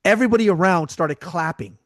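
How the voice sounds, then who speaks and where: A man's voice: high voice, brisk, no room sound. Chatty man with a dry sound. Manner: chatty, trails off and restarts, tells anecdotes. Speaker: podcast co-host. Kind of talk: casual chat.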